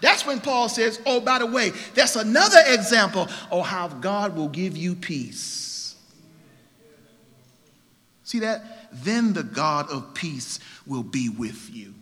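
A man preaching a sermon as pastor, emphatic, swinging between quiet and loud. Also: high-pitched, in a large hall.

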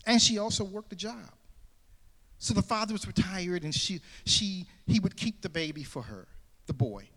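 High, lively preacher shouting in a hall. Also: male voice, normal speed. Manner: shouting and soaring, then dropping to a hushed storytelling tone. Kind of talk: sermon.

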